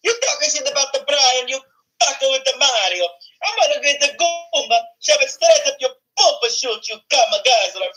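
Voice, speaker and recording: A man doing a foul-mouthed impression of a short Italian plumber, high and exaggerated. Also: lively intonation, normal speed, bright, forceful tone, exaggerated voice, low-quality recording. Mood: ranting. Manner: squeaky, swearing, exaggerated.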